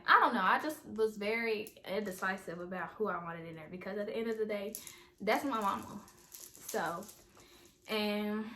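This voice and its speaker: A young woman chats through a personal storytime for her viewers at home. Her voice sits in an ordinary middle pitch. She rambles loosely and addresses the audience directly, with a faint hiss behind her. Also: bright, forceful tone. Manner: chatty, rambling, talks straight to viewers as "y'all". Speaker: vlogger. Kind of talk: casual storytime vlog.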